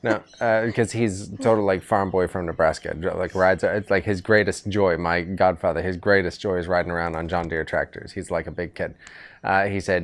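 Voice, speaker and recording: A man's voice: deep voice, fairly even intonation, moderate pace. A middle-aged man hosting a podcast on an outdoor veranda, chatting casually with his son and rambling through stories. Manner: rambling, easygoing storytelling with restarts. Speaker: podcast host. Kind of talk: casual father-son chat.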